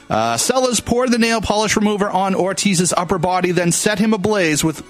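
A man's voice: high voice, poor audio. A man hosting a casual radio talk show, reading news stories aloud with jokes, laughs and stumbling restarts. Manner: joking, laughs often, stumbles over words.

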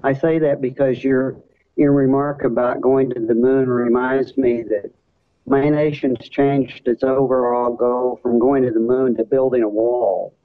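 A male guest answers interview questions in a dry, measured way. His voice comes through a dull, lo-fi line. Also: medium pitch, level tone.

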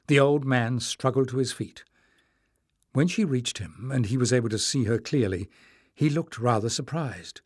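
Speaking at medium pitch, an audiobook narrator delivers scripted narration of a fantasy novel in a measured, expressive storytelling manner. The clean studio sound carries no room noise.

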